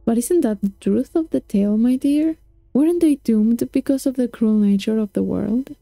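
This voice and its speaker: A woman voicing a gentle, questioning queen in a storybook reading. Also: a little high, normal speed, creaky, dry recording, soft background music.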